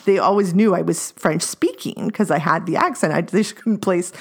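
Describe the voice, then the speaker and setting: Lowish female voice, from British Columbia, chatty and laugh-prone, casual podcast talk. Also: normal speed. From British Columbia, Canada. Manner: chatty, laughs often, many fillers. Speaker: podcast guest, former French immersion student. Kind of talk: casual chat.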